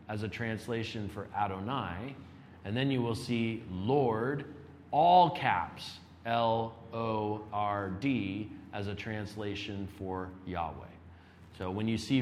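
A man teaching a Bible lesson in a measured, explanatory way, with occasional fillers as he looks up passages. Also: lowish voice, in a large hall, slight background noise.

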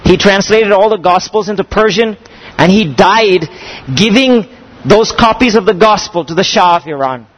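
A man preaching a sermon to a congregation, speaking emphatically, slowing down on key phrases and putting questions to his listeners. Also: high-pitched, low-quality recording.

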